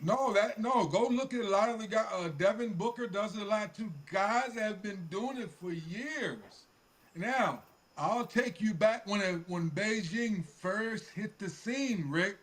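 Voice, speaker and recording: A man co-hosting a casual podcast, laid-back, telling stories in quick asides. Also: sits high, a bit bright. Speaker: podcast co-host.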